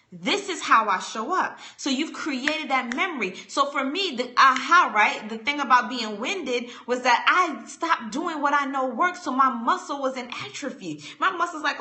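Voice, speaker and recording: A bright-voiced woman hosts a live-streamed motivational talk. She speaks with energy and emphasis, circling back to repeat her key phrases. Her voice sits a little high for a woman. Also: animated, normal speed, hardly any pauses. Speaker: motivational host.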